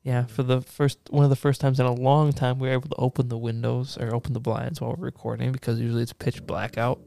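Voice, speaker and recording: A man's voice: medium pitch, level tone, fast, vocal fry, warm tone, dry recording. A man hosting a podcast, chatting casually, swearing now and then, and asking his guests questions. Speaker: podcast host. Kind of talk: casual interview chat.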